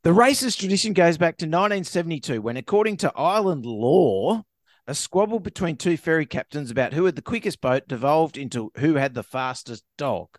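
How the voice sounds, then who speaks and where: A man's voice: a little high, animated, brisk, no echo, clean studio sound. A man co-hosting a comedy podcast, reading a news story aloud and joking around. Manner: jokey, reads news story aloud with asides. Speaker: podcast co-host. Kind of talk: casual comedic podcast chat.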